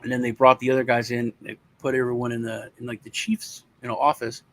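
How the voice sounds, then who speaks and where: A man co-hosting talks fast at medium pitch, loosely narrating a long story from his own life. Now and then he swears, and he animatedly voices the other people in the story.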